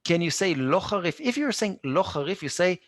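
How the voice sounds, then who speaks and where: A man with an Israeli accent teaching a live online Hebrew class, repeating words slowly and patiently and answering students by name. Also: sits high, animated, dry recording, clean studio sound. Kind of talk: live online language lesson.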